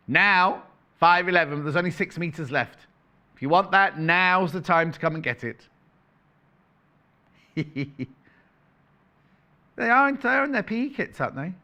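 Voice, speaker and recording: A man's voice: high voice, bright, forceful tone. A man presenting on a shopping channel, chatting playfully in live sales patter, correcting himself and reading out prices as he goes.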